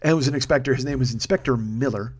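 A middle-aged man talks into his podcast mic in a quick, tumbling rush. His storytelling is casual, crude and full of self-mockery, and it wanders from point to point. His voice sits at an ordinary middle pitch. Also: breathy edge. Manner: profane, self-deprecating, rambling. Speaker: podcast host. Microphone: studio microphone.

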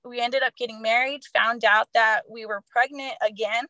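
A young woman recounts her testimony in an earnest, casual way, often restarting her sentences. Her voice sits a little high and sounds close and dry, with no room around it. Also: fairly even intonation, moderate pace, bright, forceful tone, no echo, rough recording. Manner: earnest, many fillers and restarts. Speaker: guest sharing her testimony. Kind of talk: personal testimony, casual storytelling.

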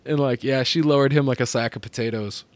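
A podcast host in their forties in casual chat, relaxed and laughing along. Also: medium pitch, fast, dry recording. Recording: dry, dull lo-fi podcast audio.

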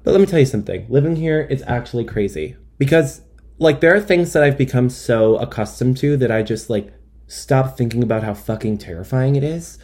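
A man's voice: medium pitch, fairly quick, darkish tone. A young man telling a comic monologue in a rambling, self-deprecating way with wry asides. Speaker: comedian. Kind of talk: stand-up style comic monologue.

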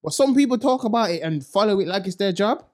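A man's voice: expressive, quick pace. A man ranting bluntly in a casual podcast chat, full of street slang. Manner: mocks others in high put-on voices. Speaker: podcast co-host.

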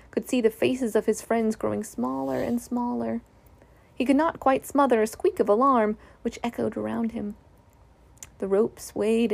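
A woman reads a children's story aloud in a gentle, measured way. Her voice sits a little high and has a noticeable gravelly texture. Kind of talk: storybook narration.

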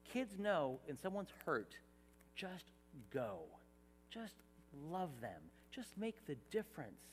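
A middle-aged male pastor preaching a sermon in a church, animated, swinging from soft asides to shouted emphasis. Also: on the high side, takes it slowly, big-room sound, a little hiss or hum. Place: church hall.

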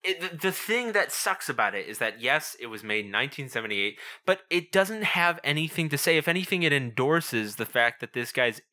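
A man's voice: mid-range voice, sing-song, a little fast, hardly any pauses, bright, forceful tone. A young man co-hosting a podcast, rambling in casual chat and reading out plot summaries. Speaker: podcast co-host.

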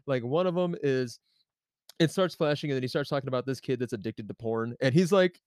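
A young man from the American South, casually telling a long story on a podcast, animated and laughing often with many fillers. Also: mid-range voice, brisk, dry recording, studio quality. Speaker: podcast co-host.

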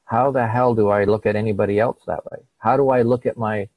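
Middle-aged man, low voice, dry close sound, lively storyteller who acts out every voice. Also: fairly quick, dry recording, dull audio. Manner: animated, acts out quoted dialogue. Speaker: guest. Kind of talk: conversational storytelling.

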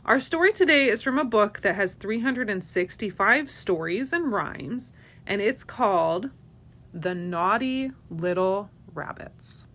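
With a medium-pitched voice, a mother or father figure, here a woman hosting a family podcast, brings a children's storybook to life, reading it in a lively, expressive way.

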